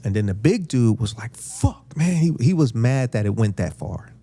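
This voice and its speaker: A man's voice: fairly low pitch, expressive, moderate pace, vocal fry, dark tone, dry recording. A man in his fifties hosting a podcast and telling a story in a laid-back, slangy way, acting out the quotes. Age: 50s. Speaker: podcast host. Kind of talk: casual storytelling.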